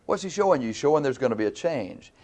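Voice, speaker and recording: A man preaching a sermon, asking his listeners questions and answering them himself, with loudness and pitch rising and falling. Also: expressive, fast talker. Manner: varies pitch and loudness widely.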